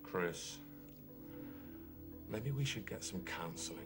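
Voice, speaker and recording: British husband, gentle placating tone, soft music behind. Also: male voice, low voice, lively intonation, slow. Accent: British English. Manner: soothing and placating. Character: awkward husband trying to calm his wife. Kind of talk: British TV drama acting.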